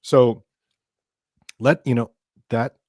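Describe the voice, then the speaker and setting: A man's voice: medium pitch, steady tone, very slow, a little mellow, no echo, clean studio sound. A middle-aged man hosting a financial radio show, explaining rules in a chatty way, with restarts and emphatic asides. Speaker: financial advisor and podcast host.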